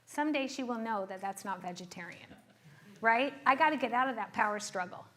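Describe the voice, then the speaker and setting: A woman's voice: a little high, expressive, a little fast, a bit bright. Earnest middle-aged woman therapist explaining. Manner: earnest, checks in with frequent rhetorical questions. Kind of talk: explaining to an audience.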